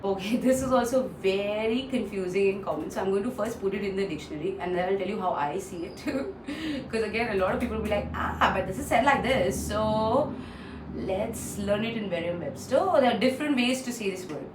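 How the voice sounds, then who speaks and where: A woman trainer walks through word pronunciations and repeats each one for drill. She pauses often with "uh". Her voice sits slightly off-mic in a roomy space with a faint hiss behind it. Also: mid-range voice, far from the mic. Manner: frequent "uh" fillers. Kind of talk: online pronunciation lesson.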